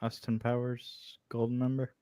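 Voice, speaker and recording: A man's voice: medium pitch, little pitch movement, measured pace, warm tone, no room sound. Man, panelist, hesitant, mock-complaining, dry close sound. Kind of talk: casual panel chat.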